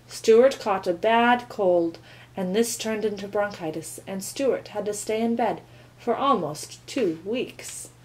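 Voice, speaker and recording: A woman reading a children's novel aloud with calm, expressive storytelling. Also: mid-range voice, low-quality recording. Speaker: reader.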